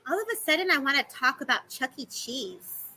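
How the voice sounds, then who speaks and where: A woman giving a live-streamed psychic reading, talking fast and affectionately to the people she reads, calling them baby and babes. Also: high voice, lively intonation, bright, forceful tone, low-quality recording. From California. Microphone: live-stream microphone.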